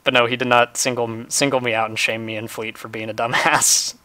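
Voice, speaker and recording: A man in the middle of a game stream, talking loosely and laughing easily at his own blunders. His voice sits at an ordinary pitch, and his tone stays relaxed and self-mocking. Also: fairly quick, no room sound. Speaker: livestreamer. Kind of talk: casual gaming chat.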